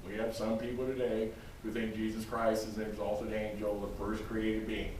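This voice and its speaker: A man's voice: lowish voice, monotone, normal speed, a little mellow. A man preaching a sermon, speaking emphatically and addressing his congregation directly by name. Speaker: pastor. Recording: very echoey room, distant mic, faint noise.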